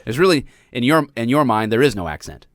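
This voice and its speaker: A man's voice: mid-range voice, very animated, quick pace, a bit bright, dry recording, clean studio sound. An American man hosting a live-streamed talk show, chatting casually and jokingly with plenty of fillers. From United States. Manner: rambling, jokey, lots of fillers.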